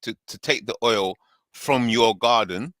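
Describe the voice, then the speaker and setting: A man hosting a casual panel discussion, animated and laughing often as he acts out voices while he paraphrases. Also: medium pitch, unhurried, dry recording, rough recording.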